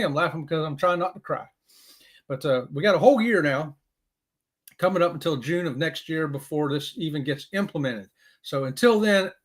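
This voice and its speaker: A chatty man with a high voice hosts a casual live stream. He talks in a folksy, excitable way and keeps saying y'all.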